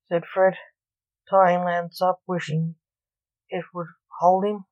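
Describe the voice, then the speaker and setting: A woman narrates a short story in a plain, even reading. Her voice sits on the low side and moves very slowly. The recording is dry and close. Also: dry recording, highs cut off.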